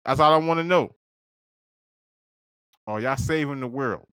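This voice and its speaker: A man co-hosting a podcast, telling a wild comic story in a loose, profane way, laughing often and jumping into squeaky high voices. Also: a little slow, a bit bright, smooth, no room sound. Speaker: podcast co-host. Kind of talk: casual comedic storytelling.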